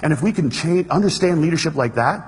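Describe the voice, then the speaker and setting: A man's voice: on the high side, expressive, breathy edge. A man giving an earnest, storytelling stage talk to an audience. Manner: storytelling, earnest, quick, plays the room for laughs. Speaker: speaker. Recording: hall reverb.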